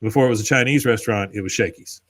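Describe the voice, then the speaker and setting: A man's voice: fairly low pitch, rapid-fire, fairly bright tone. A man, co-hosting a podcast and casually recapping a cartoon episode, acting out the characters' lines as he tells it. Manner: laid-back storyteller, acts out quoted lines. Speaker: podcast co-host.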